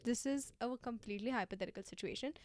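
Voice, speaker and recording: A young woman hosting her own podcast, chatting casually in an animated, slangy way. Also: a little high, quick pace. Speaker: podcast host. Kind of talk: casual solo podcast chat.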